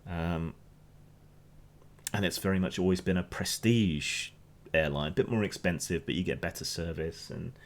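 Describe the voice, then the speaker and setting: With a deep voice at normal speed, this Englishman speaks in Hampshire English. He streams loose, opinionated takes on the news, frequently rambling and starting over.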